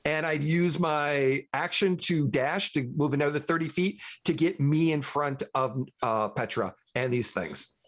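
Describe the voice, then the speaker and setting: Man, tabletop player, slightly high voice, chatty, thinking aloud. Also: a little slow, hardly any pauses. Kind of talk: tabletop game play.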